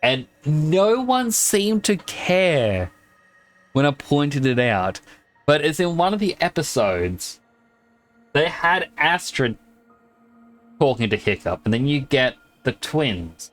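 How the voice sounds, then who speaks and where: A man's voice: mid-range voice, sing-song, slow pace, a bit bright, soft background music. A man streaming a video game, chatting casually and rambling, with frequent laughs. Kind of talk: casual gaming stream chat.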